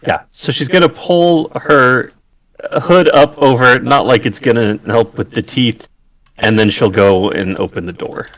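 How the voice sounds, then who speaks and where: A man playing a tabletop game, describing his character's actions in an unhurried, descriptive way. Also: medium pitch, fairly bright tone, no echo. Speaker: player.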